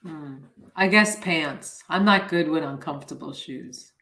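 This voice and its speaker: A middle-aged woman co-hosting a casual podcast, answering questions with a dry, easygoing humor. Her voice sits a little low and rings in an echoey room. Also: a little slow, fairly bright tone. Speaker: podcast co-host. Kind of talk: casual chat.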